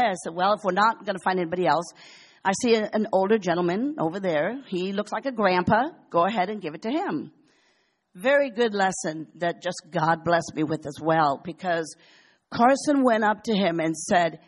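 An older woman sharing a personal testimony in a chatty, animated storytelling way. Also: medium pitch, moderate pace. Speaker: church member sharing a testimony.

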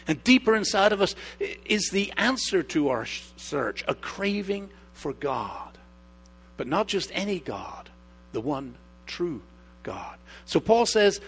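Animated, high-voiced male pastor preaching. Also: unhurried, breathy edge. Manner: expressive storyteller, shifts from hushed to animated. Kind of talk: sermon with personal stories.

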